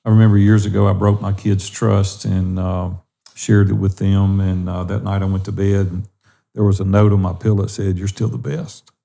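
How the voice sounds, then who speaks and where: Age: middle-aged. Sex: man. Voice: low, gravelly and dark. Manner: earnest and encouraging, as a podcast co-host. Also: flat delivery, normal speed. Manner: earnest, encouraging, exhorting listeners. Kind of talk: faith-based men's podcast talk.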